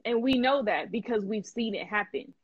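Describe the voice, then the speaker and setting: A woman hosting a live stream in casual chat, animated and emphatic, laughing often and full of slang. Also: fairly high pitch, moderate pace, husky, dry recording, muffled recording. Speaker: host.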